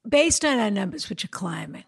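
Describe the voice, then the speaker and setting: A woman's voice: mid-range voice, big pitch swings, brisk, gravelly, breathy edge. A woman co-hosting a podcast in casual, theatrical banter, chatty and fond of calling things fabulous. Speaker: podcast co-host.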